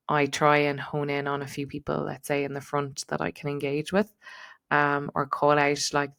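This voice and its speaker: A woman's voice: low voice, creaky. A middle-aged woman hosting a podcast, giving casual coaching advice in a reflective way, with many fillers and repeated words. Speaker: podcast host and transition coach.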